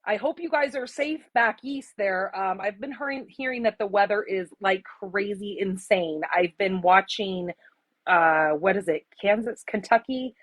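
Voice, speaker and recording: Woman, 40s, from Arizona. Casual craft livestream host, chatty and easily moved. Mid pitch, dry close mic. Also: measured pace, no room sound, rough recording. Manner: chatty, emotional, greets viewers by name. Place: home craft room.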